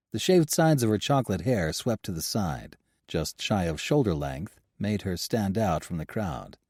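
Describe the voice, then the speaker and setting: Low-voiced man narrating a sci-fi audiobook. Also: warm tone, no room sound, clean studio sound. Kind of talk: scripted narration.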